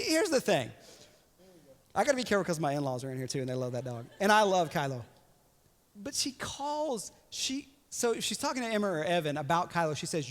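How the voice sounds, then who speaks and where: A young adult man preaching in a church hall, his voice high and lively, bouncing all over as he jokes and acts out quotes. A long reverb trails every line. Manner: animated, joking, voices quotes playfully. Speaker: pastor. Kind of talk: sermon.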